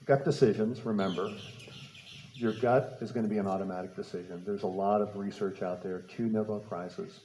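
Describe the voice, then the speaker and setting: A man's voice: lowish voice, fairly even intonation, moderate pace, mellow, roomy sound, slight background noise, rough recording. A man giving a public talk, telling a personal story with repeated words and light laughter. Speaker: speaker. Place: talk venue.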